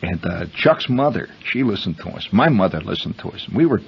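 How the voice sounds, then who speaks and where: A man's voice: low voice, animated, a little fast, vocal fry, breathy edge. Man telling a rambling radio story. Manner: rambling, conversational, addresses listeners as friends. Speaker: radio host. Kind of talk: storytelling monologue. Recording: muffled vintage radio broadcast.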